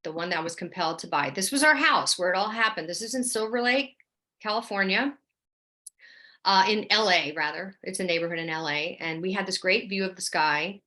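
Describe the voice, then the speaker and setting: A middle-aged actress from New Orleans chats casually as an interview guest about her experiences. She is animated and chatty, quick to act out what people said, using a higher voice for the quoted lines.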